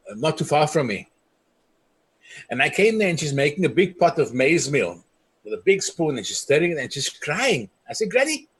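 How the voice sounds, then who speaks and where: A middle-aged man from South Africa speaks with a husky, slightly high voice. He tells his stories earnestly, quoting the people he met along the way. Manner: earnest storytelling, quoting others. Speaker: community leader. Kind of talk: impassioned speech.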